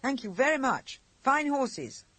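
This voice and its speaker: A man's voice: very high voice, big pitch swings, measured pace, sharp tone, pitched above the performer's own voice, full character voice. A man reading an audiobook and voicing a reckless, cheerful young male pilot giving bold orders. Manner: bold, commanding outbursts.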